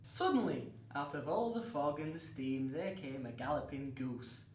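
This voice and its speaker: A man's voice: fairly high pitch, normal speed. A man hosting a comic children's story show, narrating in a cheery, exaggerated storybook way. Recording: roomy, distant mic with faint noise.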